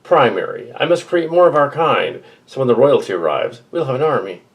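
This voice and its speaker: A commanding robot leader, voiced by a man, addresses his followers in a fan-made audio drama. His voice is husky and mid-pitched, and he talks in a flat, announcing way. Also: a little fast. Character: commanding male robot leader rebuilding minds.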